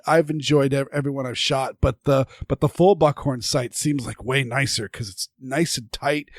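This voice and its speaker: A man's voice: mid-range voice, no echo, studio quality. A man hosting a podcast in casual chat, rambling with many restarts and stammers. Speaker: podcast host.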